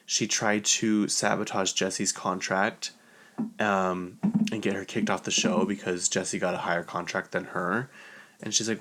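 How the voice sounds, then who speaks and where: A man with a very deep voice talks through a reality show in a loose, chatty gossip recap. Strong vocal fry runs through his sentences, and he keeps looping back with "like" as he rambles from one point to the next. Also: steady tone, normal speed, a bit bright. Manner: chatty, rambling, heavy use of "like" fillers. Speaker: podcast host.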